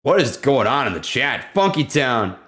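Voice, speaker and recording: A man hosting a live stream about stocks, chatting casually and excitably with viewers and breaking down price charts. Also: mid-range voice, moderate pace. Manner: excitable, easygoing, laughs often, slangy. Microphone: desk condenser microphone.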